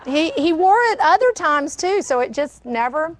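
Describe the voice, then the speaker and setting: A woman's voice: high voice, expressive, moderate pace, noisy background. An older woman, hosting a casual cooking demonstration and chatting in a rambling, storytelling way. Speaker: cooking show host. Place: kitchen studio.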